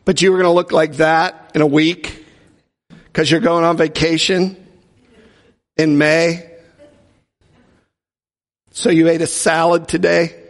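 Man, pastor, slightly high gravelly voice, jokey storytelling sermon, long hall echo. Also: flat delivery, takes it slowly, pauses often. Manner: humorous storytelling, acts out quoted voices. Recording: long reverb from a large hall.

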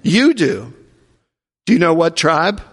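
A man's voice: on the high side, big pitch swings, slow pace, fairly bright tone, slightly rough. A man preaching a sermon, repeating aloud each answer called out by the congregation. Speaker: pastor. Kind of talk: sermon with audience call-and-response. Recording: echoey hall reverb.

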